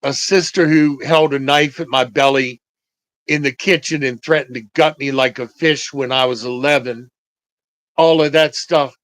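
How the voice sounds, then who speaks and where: An older man slowly recounting personal memories, halting and reflective, with frequent pauses. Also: mid-range voice, steady tone, fairly bright tone, no room sound, rough recording. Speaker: storyteller. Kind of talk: personal storytelling.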